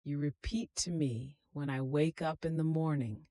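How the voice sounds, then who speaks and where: A reader giving a slow, solemn, meditative devotional reading in a prayerful tone. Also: medium pitch, fairly even intonation, warm tone, dry recording.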